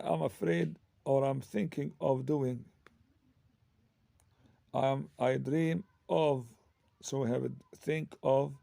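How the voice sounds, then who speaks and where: A man with an Arabic accent teaching English grammar, speaking slowly and hesitantly with many fillers and self-corrections. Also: medium pitch, creaky, dark tone, no echo. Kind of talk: grammar lesson.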